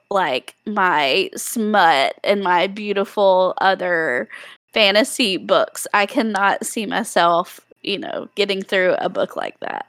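A woman co-hosting a book podcast, upbeat and encouraging, quick to laugh. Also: medium pitch, a bit bright. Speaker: podcast co-host. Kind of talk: casual book chat.

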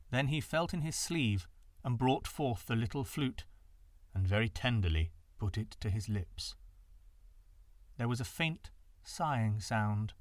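A man narrating folktales in an expressive, dramatic reading. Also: mid-range voice, dry recording. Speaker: storyteller. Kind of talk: scripted storybook narration.

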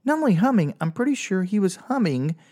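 A man doing stand-up comedy, telling a personal story with animated, exaggerated delivery and sudden jumps up for punchlines. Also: sits high, a little fast.

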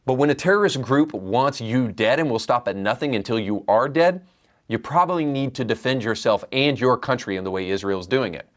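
A man's voice: medium pitch, animated, brisk. A man hosts a scripted commentary show. He speaks in a mid-range voice and pushes his points with opinionated emphasis. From United States. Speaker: commentary podcast host.

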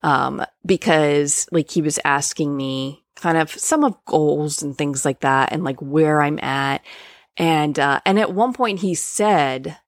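A woman's voice: sits low, takes it slowly, no room sound, clean studio sound. A woman who works as a coach, frankly and conversationally telling a personal story, with plenty of fillers and casual swearing. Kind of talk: candid personal storytelling monologue.

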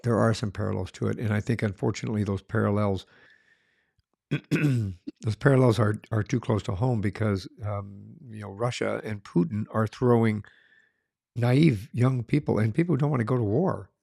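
A man's voice: lowish voice, moderate pace, creaky, dark tone, no echo, studio quality. A middle-aged man co-hosting a casual film review chat, talking earnestly and often restarting his phrases.

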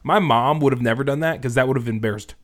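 A young man talking in an easygoing, conversational way. He tells stories at an even middle pitch and laughs often between phrases. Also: fast talker. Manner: laid-back storytelling, laughs often. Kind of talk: casual chat.

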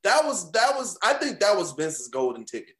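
Animated, high-pitched man with profane talk. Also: moderate pace, roomy sound. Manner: animated, profane, lots of repeats and restarts. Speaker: podcast co-host. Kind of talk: casual wrestling podcast chat. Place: home room.

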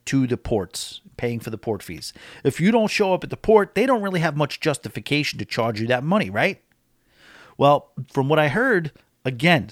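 A man's voice: medium pitch, no echo, studio quality. A man vlogging about a cruise in a casual, opinionated monologue, talking with emphasis.

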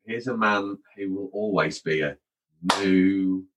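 A man hosts a relaxed podcast, talking in a chatty, wry way and reading listener messages aloud. His voice sits a little on the low side. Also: takes it slowly, slight background noise, poor audio. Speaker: podcast host.

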